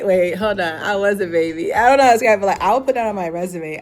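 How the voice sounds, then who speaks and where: A young woman with a slightly low voice talks through a fashion show review in a loose, chatty way. She uses lots of filler words and breaks into sudden high exclamations. Faint music plays quietly behind her. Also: quick pace, few pauses. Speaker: vlogger.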